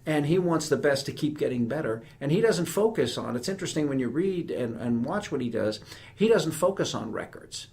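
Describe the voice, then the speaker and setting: A man in his fifties from New York with a New York accent, a retired army general telling animated, emphatic stories as a podcast guest. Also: a little high, a little fast. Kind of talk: conversational podcast interview.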